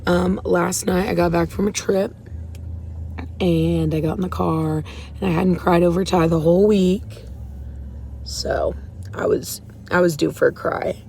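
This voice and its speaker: A woman's voice: lowish voice, fairly even intonation, unhurried, creaky, mellow, a little hiss or hum. A woman talking candidly and emotionally from a parked car in a parking lot, rambling a little as she shares her faith. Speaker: faith vlogger. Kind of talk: casual confessional vlog.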